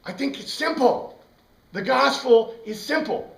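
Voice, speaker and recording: A man teaching a Bible class, lively and digressive, spelling out Greek words for his students. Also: very high-pitched, measured pace, creaky. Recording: roomy room, distant mic.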